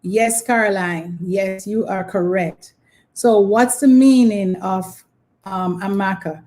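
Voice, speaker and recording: Slow, patient woman hosting a quiz. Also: medium pitch, mellow. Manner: patient, repeats questions, prompting viewers. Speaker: quiz host. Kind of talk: live online trivia quiz.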